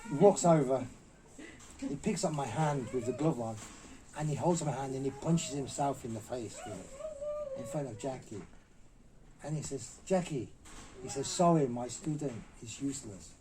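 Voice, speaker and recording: A man's voice: mid-range voice, wildly swooping pitch, normal speed, pauses often, rough recording. A middle-aged man, a martial artist guest in an interview, telling stories animatedly and acting out the quotes in a raised voice. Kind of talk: anecdotal storytelling.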